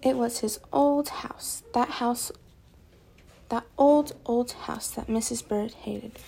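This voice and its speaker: Lady reading a kids storybook real slow, kinda gravelly, mellow tone. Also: on the high side, slight background noise. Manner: slow, deliberate, repetitive storybook cadence. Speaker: story reader. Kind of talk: reading a children's story aloud.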